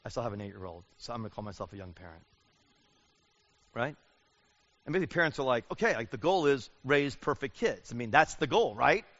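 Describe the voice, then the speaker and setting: Animated male preacher, bright forceful voice. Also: medium pitch, brisk, pauses often. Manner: animated, acts out quoted voices. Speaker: pastor. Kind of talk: sermon. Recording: dull lo-fi sound.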